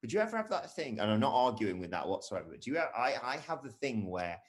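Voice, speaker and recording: A man's voice: medium pitch, big pitch swings, quick pace. A young man co-hosting a live stream, casually reading viewer comments aloud with jokey asides.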